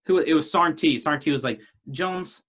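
A man's voice: mid-range voice, normal speed, a bit bright. Profane man telling a long story. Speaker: podcast co-host telling a story. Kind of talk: casual podcast chat.

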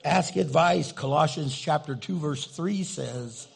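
A man's voice: fairly high pitch, slow, vocal fry. An older man preaching a sermon in a humorous, playful storytelling way. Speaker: pastor.

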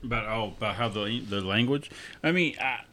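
A man co-hosting a podcast, wry and relaxed, thinking aloud in a casual chat. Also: on the low side, normal speed, a little hiss or hum. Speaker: podcast co-host.

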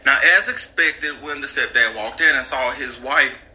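A man casually retelling a true crime story with jokes and slang, animated and chatty. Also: medium pitch, normal speed, rough recording.

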